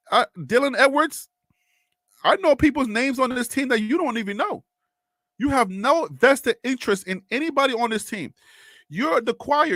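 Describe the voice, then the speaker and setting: A man's voice: high voice, fairly bright tone, no echo, clean studio sound. A man from Brooklyn hosting a live stream, arguing back at viewer comments in casual chat. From Brooklyn, New York. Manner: argumentative, rebutting viewers.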